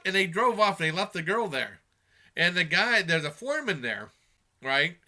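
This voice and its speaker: A man's voice: sits high, big pitch swings, moderate pace, pushed and bright. A man giving a casual spoken movie review, rambling with many fillers and restarts.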